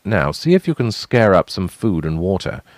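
A wry, deadpan ex-navy sailor, played by a man, taking his time over every line. His voice is low and dry in a fantasy audiobook. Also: moderate pace, dry recording.

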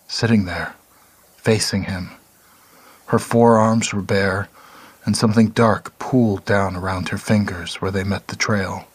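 A male narrator reads a dark short story in a slow, measured, somber way. His voice sits low and has a husky edge.

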